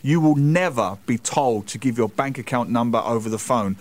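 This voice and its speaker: A man from the UK co-hosting a radio show, telling stories with animated asides. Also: medium pitch, normal speed. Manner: animated storytelling, reads emails aloud in put-on voices. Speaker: radio host. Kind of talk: casual radio chat.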